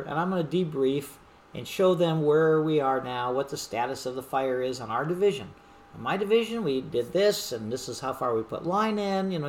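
A middle-aged woman, a wildland fire supervisor, telling a story from a fire camp in a lively, animated way. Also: deep voice, slight background noise. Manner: animated storyteller who acts out shouted quotes. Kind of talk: storytelling monologue.

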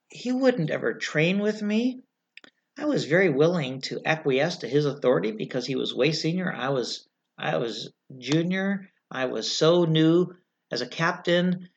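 Blunt woman telling a candid story. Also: sits low. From California. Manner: blunt, frank, swears, animated storytelling. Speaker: retired fire officer telling a story. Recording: slightly muffled lo-fi recording.

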